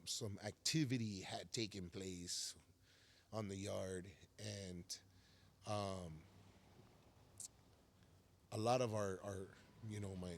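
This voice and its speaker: A man telling his prison stories as a podcast guest, casual and profane, full of street slang like "fool" and "homie.". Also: lowish voice. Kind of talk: casual storytelling.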